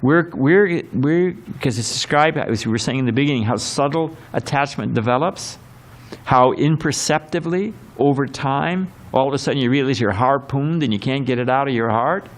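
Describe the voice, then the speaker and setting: This temple sermon lecture comes from a man of medium pitch speaking at a moderate pace in a temple hall. He teaches scripture in a meandering, conversational way, leaning on fillers, asides and dramatized quotes.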